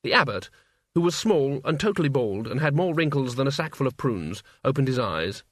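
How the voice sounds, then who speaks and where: A man narrating an audiobook in a measured, dry storytelling manner. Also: mid-range voice, big pitch swings, no room sound. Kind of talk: scripted narration.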